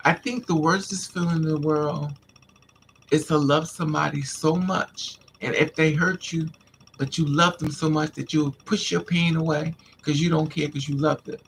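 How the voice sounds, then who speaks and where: A man's voice: a little high, fairly even intonation, moderate pace, gravelly, slight background noise. A man vlogger intensely telling a painful personal story to his viewers, repeating himself as he vents. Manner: intense, repetitive, venting.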